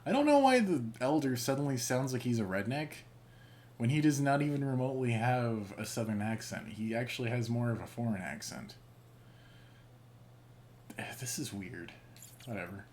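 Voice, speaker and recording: A man's voice: medium pitch, animated, moderate pace, pauses often, a little mellow, slight background noise. A male game streamer reading in-game messages aloud in a casual, wry way, swearing now and then.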